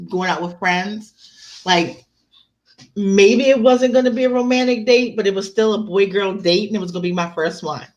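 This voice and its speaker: A woman telling personal stories in casual chat, animated and laughing often, swearing freely. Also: mid-range voice.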